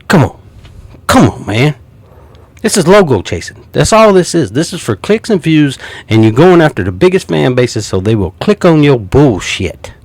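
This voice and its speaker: A man's voice: fairly high pitch, very animated, normal speed, a little mellow, dry recording. Heated man ranting. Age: 50s. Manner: profane, heated and mocking. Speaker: sports commentator. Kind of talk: ranting sports commentary.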